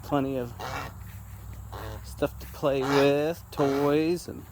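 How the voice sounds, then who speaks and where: A man's voice: little pitch movement, drawn-out words, noisy background. A man giving a casual walking tour of his farm outdoors, chatty and easygoing, now and then talking to his animals. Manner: chatty, talks to the animals in a higher coaxing voice. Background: geese honking and farm animals.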